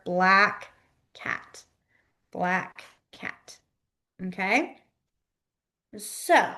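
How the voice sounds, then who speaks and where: A woman's voice: medium pitch, fairly bright tone. Chatty woman teaching a class. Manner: chatty and informal, often trails off while demonstrating signs. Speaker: sign language teacher. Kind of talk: casual online class teaching.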